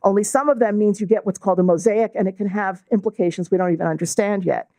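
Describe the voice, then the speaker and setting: A middle-aged woman with a New York accent giving a measured, explanatory lecture as a guest speaker, using fillers now and then. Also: mid-range voice, dark tone, no room sound. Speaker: guest speaker, law and bioethics professor. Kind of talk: lecture to a club audience.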